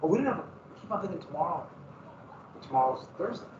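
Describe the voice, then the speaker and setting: A man's voice: fairly high pitch, animated, quick pace, noisy background. A male teacher chatting casually and rambling to his class in a classroom. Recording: echoey room, far from mic, muffled.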